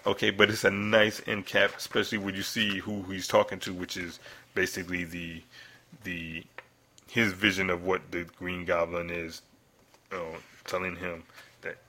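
A man's voice: deep voice, level tone, moderate pace, pushed and bright. A man hosting a casual comic book review podcast, rambling and swearing, laughing often as he talks. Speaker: podcast host.

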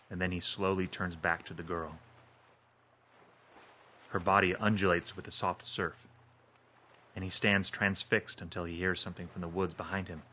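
A man reading a horror story aloud in a steady, measured way. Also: low voice. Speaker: narrator. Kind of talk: scripted horror narration.

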